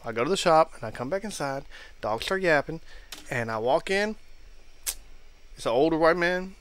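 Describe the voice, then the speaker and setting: A man co-hosting a podcast, telling a work anecdote in a relaxed, rambling, casual way. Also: fairly high pitch, normal speed. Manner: laid-back rambling storytelling. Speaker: podcast co-host. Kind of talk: casual chat.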